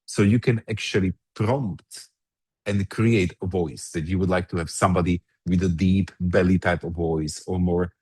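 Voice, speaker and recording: A man presenting an online workshop, walking through a software demo step by step from a computer mic. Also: low voice, fairly even intonation, normal speed, slightly rough, dry recording. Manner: explains step by step, with frequent restarts.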